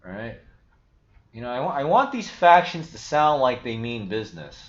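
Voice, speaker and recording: A man's voice: mid-range voice, big pitch swings, moderate pace, a bit bright. A man hosting a casual livestream, thinking aloud in a rambling, self-interrupting way and swearing casually. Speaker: livestream host. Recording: echoey, dull lo-fi stream audio.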